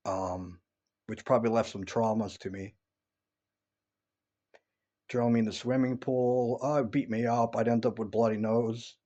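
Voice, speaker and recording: Sitting at home, a man from upstate New York, USA, rambles through memories for his vlog in a casual personal monologue, stumbling over false starts and fillers. The lo-fi recording captures a warm, mid-range voice with fairly even intonation, a measured pace and frequent pauses.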